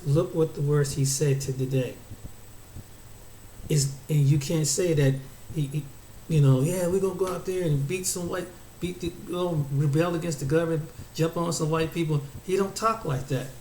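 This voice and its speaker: A man's voice: a little high, warm tone, echoey room, slight background noise, low-quality recording. A man giving a preachy opinion monologue, often stumbling and restarting his words. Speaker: commentator.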